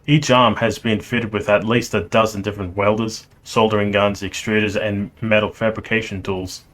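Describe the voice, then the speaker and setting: A man reading game text aloud as he plays, steady with small slips. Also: lowish voice, moderate pace. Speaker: game player and narrator.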